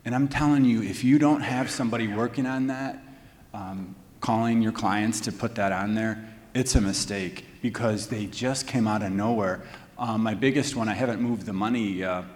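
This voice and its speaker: A man, a financial advisor on a panel, telling lively anecdotes in a casual way and acting out what people said. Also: fairly low pitch, normal speed, slight background noise. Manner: animated anecdotes with acted-out quotes and laughs. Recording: long reverb in the room.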